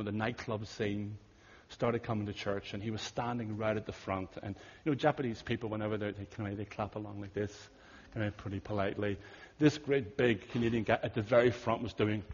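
A man telling a story in a sermon, earnest and conversational, often dropping to hushed tones, with a husky voice. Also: fairly low pitch, a little hiss or hum. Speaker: pastor. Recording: dull audio in a big reverberant hall.

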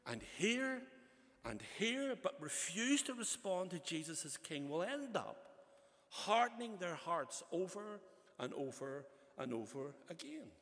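A man's voice: sits high, a bit bright. A male pastor preaching a sermon in a conversational way, with frequent asides and restarts. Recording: long church reverb.

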